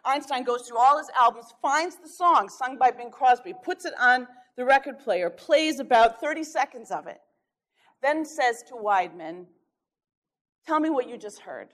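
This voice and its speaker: Woman presenter, a touch high-pitched, spins an anecdote in a lively way to illustrate her talk. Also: moderate pace. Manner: lively anecdotal storytelling with chuckles. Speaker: workshop speaker. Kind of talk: storytelling lecture.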